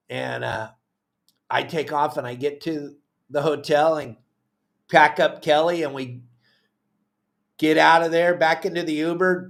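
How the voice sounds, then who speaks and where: Socal guy spinning a yarn on his podcast, bit high voice, does everybody's lines. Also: creaky. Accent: Southern Californian. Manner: animated, acts out quotes of others. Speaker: podcast host telling a story. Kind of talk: casual storytelling.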